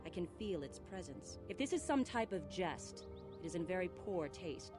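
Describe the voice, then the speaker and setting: A man's voice: high voice, big pitch swings, normal speed. A man playing a stern young male Jedi student in a game, formal and reproachful. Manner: formal, scolding. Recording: game audio with music.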